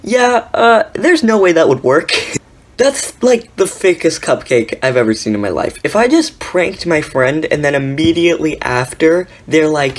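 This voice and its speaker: A woman's voice: low voice, sing-song, a little slow, slight background noise. A young woman giving sarcastic, incredulous reaction commentary on prank videos, laughing often. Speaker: commentary YouTuber.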